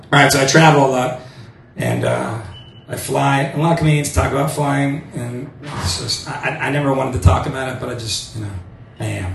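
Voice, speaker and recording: A male stand-up comedian with a crude, self-mocking manner and a voice going hoarse, swearing often on a club stage. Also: medium pitch, reverberant, distant mic, slight background noise. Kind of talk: stand-up set.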